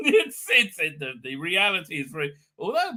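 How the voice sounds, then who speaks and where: Middle-aged male stream host, slightly high and very sharp-toned, rambling and chatty, laughs easily while working through chat. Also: huge pitch swings, normal speed. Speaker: livestream host. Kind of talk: casual live chat, reading viewer comments.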